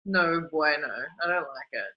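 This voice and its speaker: A woman's voice: sits low, moderate pace, muffled recording. A woman, a singer, chatting in an interview, gushing and rambling with lots of restarts. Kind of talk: casual interview chat.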